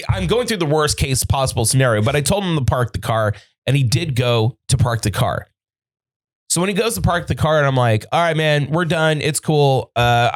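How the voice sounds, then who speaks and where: A man hosting a podcast, telling a story in casual chat with lots of swearing and acted-out quotes, recorded in a studio. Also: fairly high pitch. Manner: profane, animated storyteller acting out quoted dialogue. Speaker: podcast host.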